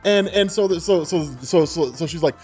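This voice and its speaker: A man in his twenties telling a story on his own channel in a loose, animated way, laughing often and swearing freely. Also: fairly high pitch, moderate pace, slightly rough, faint music behind. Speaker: vlogger. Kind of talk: casual storytelling.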